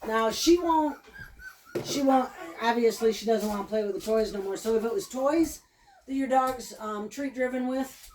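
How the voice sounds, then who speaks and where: A woman's voice: on the high side, moderate pace, darkish tone, slight background noise. A woman dog trainer giving a loose, chatty lesson at home, often repeating cues and praise to her dog. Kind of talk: casual training demonstration. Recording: echoey room, mic at a distance.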